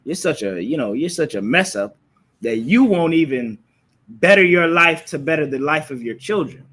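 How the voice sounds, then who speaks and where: Streaming live from a phone or computer, a man teaches a religious class, scolding listeners with confrontational preaching and repeated rhetorical questions. His voice is fairly high and fairly bright, with lively intonation and a moderate pace.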